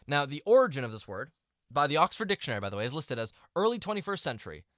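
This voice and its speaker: A man's voice: on the high side, big pitch swings, very fast, a bit bright, dry recording, clean studio sound. A young man ranting to camera in a vlog, exasperated and rambling, with restarts and mumbled asides. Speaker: vlogger.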